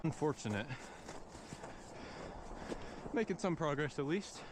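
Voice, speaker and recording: A man's voice: on the high side, sing-song, unhurried. A young man casually vlogging outdoors on a snowy mountain, grumbling and swearing as he hikes uphill, recorded on a body-worn camera. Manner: grumbling, swears, talking while hiking uphill. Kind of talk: casual vlog commentary. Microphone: body-worn action camera. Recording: wind noise outdoors.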